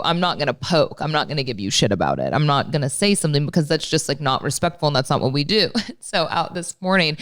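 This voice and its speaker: Woman, podcast co-host, low pitch, dry close sound, candid and exasperated, casual chat. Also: fairly bright tone, smooth, dry recording. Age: late 30s. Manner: candid, exasperated storytelling with frequent swearing.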